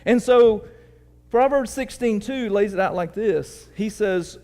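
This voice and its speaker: A man's voice: sits high, measured pace, a little mellow. A middle-aged man preaching a sermon as pastor, telling a story in a conversational way and asking his congregation questions. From United States. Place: church sanctuary. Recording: long reverb of a church hall.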